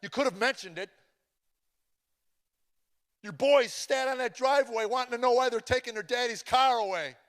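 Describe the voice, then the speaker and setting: Man doing an exasperated scolding wife, high, sharp, long hall reverb. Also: moderate pace, pauses often.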